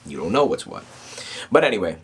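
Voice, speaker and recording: A man's voice: sits low, fairly quick, husky. A man hosting a casual motivational talk, telling stories in a loose, streetwise way and often checking in with "right?". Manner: streetwise, animated storytelling with frequent "right?". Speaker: motivational podcast host.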